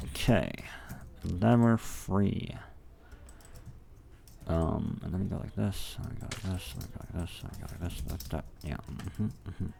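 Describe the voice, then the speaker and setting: A man's voice: sits low, measured pace, creaky, warm tone, slight background noise. A young man thinking aloud while building a game level, rambling and swearing to himself in casual, profane self-talk.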